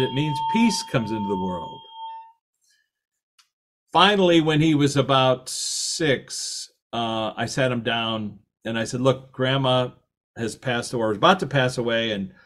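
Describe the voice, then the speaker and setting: A middle-aged man with a lively, anecdotal way of talking, telling stories in a talk and acting out the quoted voices. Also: medium pitch. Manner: animated, anecdotal, laughs at his own stories, acts out quotes. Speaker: author and podcast host giving a talk. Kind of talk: storytelling talk.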